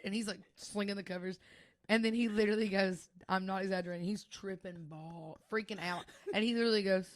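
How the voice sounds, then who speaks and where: Speaking a little fast in a mid-range voice, this young woman is captured in a dry, studio-quality recording. She co-hosts a casual podcast, an animated storyteller who laughs often.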